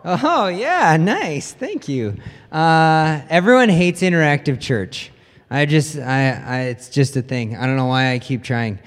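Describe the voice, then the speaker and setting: A man's voice: medium pitch, moderate pace, clear, resonant tone. A young man giving a casual, self-deprecating sermon as pastor, telling a personal story with lots of fillers and restarts. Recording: long reverb of a hall.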